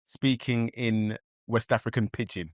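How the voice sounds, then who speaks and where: A young man, co-hosting a casual podcast, relaxed and joking. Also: medium pitch, measured pace, dry recording, clean studio sound. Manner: relaxed, joking, speaks to the phone assistant politely. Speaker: podcast co-host.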